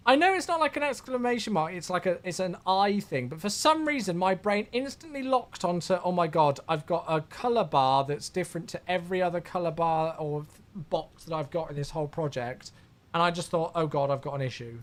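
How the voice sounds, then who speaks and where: A man's voice: high voice, expressive, a little fast. A man chatting casually on a flight sim live stream, rambling as he answers viewer questions.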